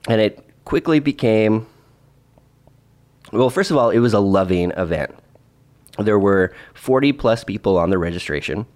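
A man's voice: deep voice, a little mellow. A man telling a travel story in a casual vlog, rambling with restarts and dry asides. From Oregon, United States. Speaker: vlogger.

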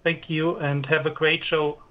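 German guy calling in, kinda unsure, high voice, muffled line. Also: little pitch movement, unhurried. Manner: hesitant, careful, with many fillers. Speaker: caller. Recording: dull lo-fi call line.

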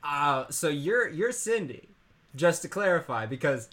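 A man's voice: fairly high pitch, very animated, unhurried, a bit bright. A man in casual comedic chat with a friend, laughing often and acting out imagined conversations.

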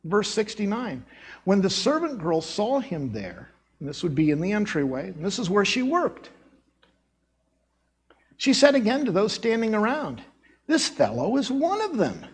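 Animated, husky-voiced Midwest preacher. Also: male voice, high voice, normal speed. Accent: American Midwest. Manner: animated storytelling, acting out voices and accents. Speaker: pastor. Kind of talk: sermon. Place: church sanctuary.

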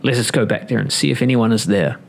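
A man voicing a cautious male robber captain in a low, measured way. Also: gravelly.

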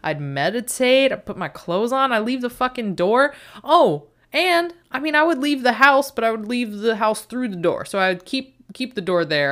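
A young adult woman in a rambling, self-mocking casual monologue who swears often. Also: mid-range voice.

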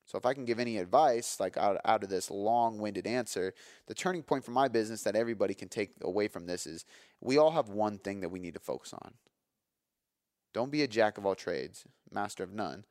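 A low-voiced man in his thirties hosts his own podcast, telling a candid personal story with energy and emphasis, full of fillers and the occasional swear word. His pace is brisk, and the sound is dry and close with no echo.

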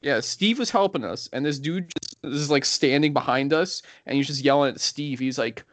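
A young man tells a story in a loose, rambling way, his words full of "like" and "you know". His pitch sits at an ordinary middle height for a man. The recording is dry and close, with no room sound. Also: normal speed, a bit bright, no room sound. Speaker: podcast co-host. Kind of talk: casual storytelling.

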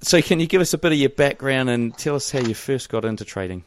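A man's voice: medium pitch, expressive, fast talker, a little hiss or hum. Chatty man with a mild Kiwi accent. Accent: mild New Zealand. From New Zealand. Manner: chatty, rambling with many fillers and restarts. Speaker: podcast host. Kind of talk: casual podcast interview.

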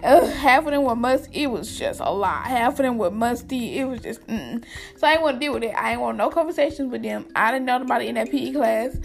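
A woman's voice: fairly high pitch, lively intonation, a little fast, vocal fry, faint music behind. A young woman chattily telling viewers a school story, calling them y'all and using lots of slang. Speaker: vlogger. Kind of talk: casual storytime.

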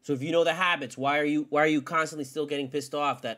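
A man's voice: fast talker, few pauses. Profane ranting man hosting a sports podcast. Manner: profane, ranting, swings between loud outbursts and low mutters. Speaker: podcast host. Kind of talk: solo sports rant.

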